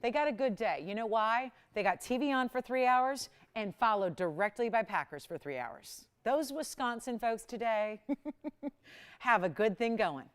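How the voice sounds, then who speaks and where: A woman hosting a live jewelry shopping show, giving a chatty, enthusiastic sales pitch and greeting callers by name. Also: expressive, measured pace, smooth. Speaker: shopping channel host.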